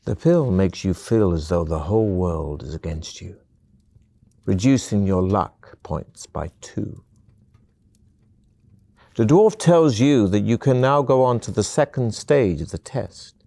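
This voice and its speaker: A man narrating a fantasy video game in scripted second person, in a calm, measured storytelling manner. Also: fairly low pitch, gravelly, no echo.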